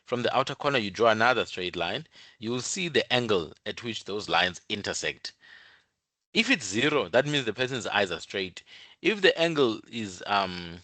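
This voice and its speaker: A man's voice: on the low side, big pitch swings, moderate pace, sharp tone, no room sound. A man who explains things step by step in an informal talk, repeating his points and using many fillers. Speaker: channel host.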